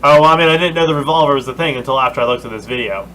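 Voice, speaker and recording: Bright-voiced man playing a tabletop game. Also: medium pitch, racing, a little hiss or hum, poor audio. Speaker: player. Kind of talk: casual tabletop game chat.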